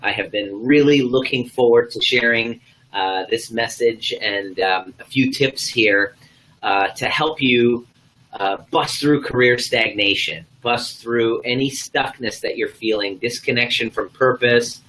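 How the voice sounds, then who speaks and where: A man's voice: mid-range voice, unhurried, a bit bright, slight background noise, rough recording. A man hosting a live video stream as a coach, enthusiastic and loose, rambling with lots of ums and uhs. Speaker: host, coach.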